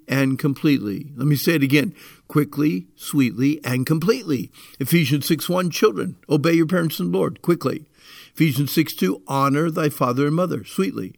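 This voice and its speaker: A man's voice: fairly high pitch, dry recording, clean studio sound. A man giving a devotional Bible meditation for children and teens, earnest and emphatic, repeating key phrases. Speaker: Bible teacher.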